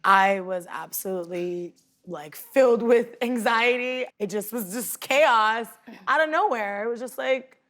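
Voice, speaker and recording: A woman's voice: a little high, a little slow, fairly bright tone. Chatty woman retelling a story. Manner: chatty, full of fillers and quoted voices. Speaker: guest passenger. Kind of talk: animated storytelling. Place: TV studio.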